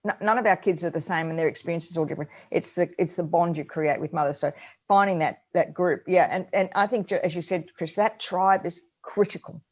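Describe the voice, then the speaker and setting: A middle-aged woman, co-hosting a parenting advice chat and telling stories in an animated way. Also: fairly low pitch, fairly quick. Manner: animated storyteller, acts out her own yelling. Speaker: co-host.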